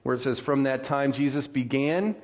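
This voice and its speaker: A man's voice: mid-range voice, moderate pace. Conversational male preacher, slightly muffled. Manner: conversational, animated when acting out frustration. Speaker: pastor. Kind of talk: sermon.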